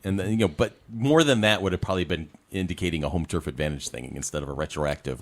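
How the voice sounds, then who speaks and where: A man co-hosting a casual chat, animated and jokey, sometimes acting out movie lines. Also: low-pitched, fast talker, hardly any pauses. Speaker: podcast co-host.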